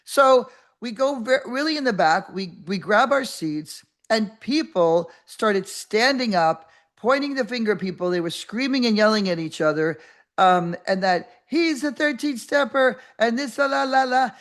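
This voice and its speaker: An older woman hosting a podcast, telling a story in a rambling, animated way with many restarts and acted-out voices. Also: a little high, normal speed. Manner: animated, acts out quoted voices. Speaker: podcast host. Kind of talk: casual storytelling monologue.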